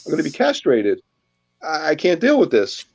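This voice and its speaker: A man's voice: fairly high pitch, huge pitch swings, normal speed, a little mellow, soft background music, heavily acted. A man voicing a panicked young man, pleading desperately in a raised voice.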